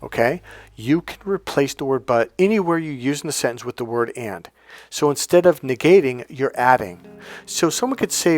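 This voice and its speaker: A man speaking as a motivational coach, emphatic and repetitive. His pitch sits in an ordinary middle range. Faint music plays behind his talk. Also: lively intonation, fairly quick. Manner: emphatic, repetitive, chanting mantras. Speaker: life coach.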